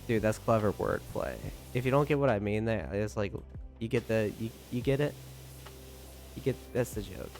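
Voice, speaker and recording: A young man chats casually on a live stream, reading out viewer messages and thanking them as he goes. His manner is playful and jokey, and he laughs easily. Soft music plays faintly in the background. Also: on the low side, moderate pace. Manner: playful, joking, laughs often. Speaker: livestreamer.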